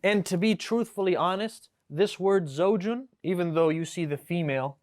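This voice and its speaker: Man teaching a class, higher voice. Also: normal speed. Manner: explains patiently, checks with "right?", reads Arabic examples aloud. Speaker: Arabic teacher. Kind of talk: classroom lesson. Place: classroom with students.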